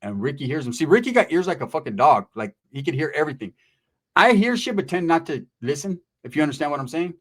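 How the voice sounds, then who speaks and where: A man tells a story casually, rambling and swearing freely. His voice sits slightly high for a man, and he slips into other people's voices as he goes. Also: very animated, quick pace. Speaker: storyteller, host.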